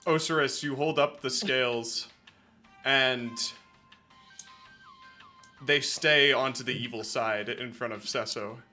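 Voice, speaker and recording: A man running a tabletop game as game master, narrating in an unhurried way with many ums and uhs. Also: medium pitch, fairly even intonation, sharp tone, faint music behind.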